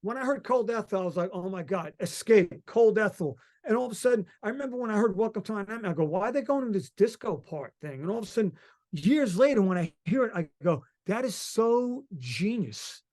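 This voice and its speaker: A middle-aged man from Long Island, a musician guest telling stories in a rambling, excited way and swearing freely. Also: high voice, quick pace. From Long Island, New York. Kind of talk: casual interview chat.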